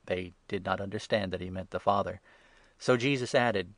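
A man giving a measured, even scripture reading. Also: deep voice, dry recording. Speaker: reader.

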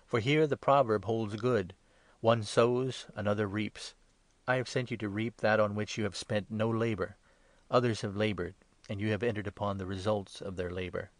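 Jesus, read by a man, calm and grave. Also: on the low side, normal speed, no echo, lightly acted. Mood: earnest. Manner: calm, earnest and instructive. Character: calm, authoritative male teacher Jesus. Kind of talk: scripted Bible reading.

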